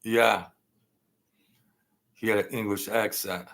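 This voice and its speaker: A man hosting his own channel, telling a long casual story in a rambling, halting way, full of fillers and restarts. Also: lowish voice, fairly even intonation, vocal fry, a bit bright. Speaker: channel host telling stories.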